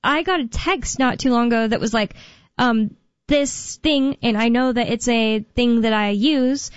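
A woman's voice: on the high side, a little slow, clean tone, dry recording, highs cut off. Chatty, rambling young woman on talk radio. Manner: rambling, chatty, thinks aloud with fillers. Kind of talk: casual talk radio chat.

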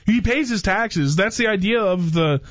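Animated man saying dude a lot. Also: high voice, moderate pace, dry recording. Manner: animated storyteller, says "dude" and "bro" a lot, acts out quotes. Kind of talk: casual podcast chat. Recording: dull, muffled sound.

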